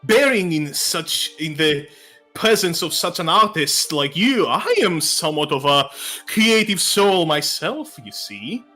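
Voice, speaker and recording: A man's voice: fairly high pitch, sing-song, measured pace, pushed and bright, soft background music, heavily acted. A man voicing a flamboyant, gushing male photographer with a put-on flair. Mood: flattering. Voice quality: pompous, gushing, theatrical. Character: flamboyant courteous male art-loving photographer.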